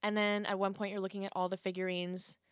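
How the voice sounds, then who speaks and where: A woman's voice: mid-range voice, level tone, fast, smooth, dry recording, studio quality. A woman in a casual conversation reflecting on a film's story and its themes. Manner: conversational, reflective, with frequent fillers. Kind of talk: casual film discussion.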